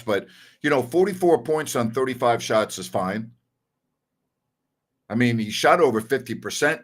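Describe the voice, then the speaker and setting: A man's voice: mid-range voice, a bit bright. Blunt, opinionated male sports talk host. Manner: blunt and opinionated, repeats his points for emphasis; conversational, with fillers and self-corrections. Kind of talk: casual opinionated sports commentary.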